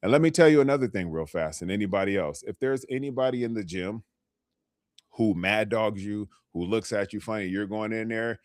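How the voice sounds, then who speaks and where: With a lowish, fairly quick voice in a dry, clean studio recording, a health coach who lives in California offers motivational advice during a live stream. He talks conversationally, frequently asking "okay?".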